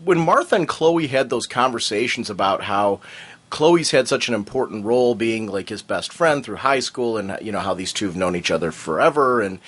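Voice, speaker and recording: A man's voice: on the low side, moderate pace, husky. A man co-hosting a fan podcast in casual chat, talking in a rambling way with lots of fillers. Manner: animated, rambling with many fillers. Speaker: podcast co-host.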